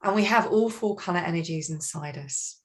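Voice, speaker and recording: A woman trainer leading an online workshop on communication styles, speaking in an animated, expressive way over a video call. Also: lowish voice, moderate pace. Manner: animated, expressive, acts out colleagues.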